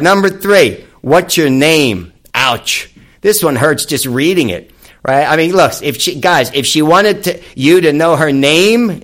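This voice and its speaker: A man's voice: a little high, a bit bright. A man giving a casual, sarcastic monologue on dating advice, mocking each line with emphatic scorn.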